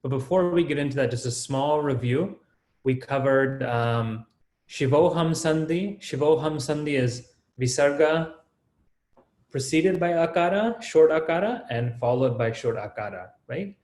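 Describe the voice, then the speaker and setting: A man teaching an online class, walking students through each rule step by step and checking in with a quick "right?" or "okay?". His voice sits at an ordinary middle pitch. The room behind him rings with noticeable echo. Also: lively intonation, a little mellow. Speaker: Sanskrit teacher.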